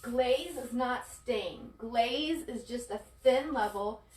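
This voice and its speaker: A woman's voice: a little high, takes it slowly. A woman painting furniture on a livestream, chatting to viewers and apologizing as she works some distance from the camera. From Florida, US. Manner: chatty, apologetic, talks to viewers while working. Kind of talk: casual live demonstration.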